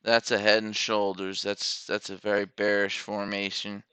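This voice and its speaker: Man, live trading commentary, lowish voice, very clear, self-correcting mutter. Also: completely flat delivery, normal speed, bright, forceful tone, no echo. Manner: self-correcting, muttering to himself over trade entries. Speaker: day trader streaming live trades.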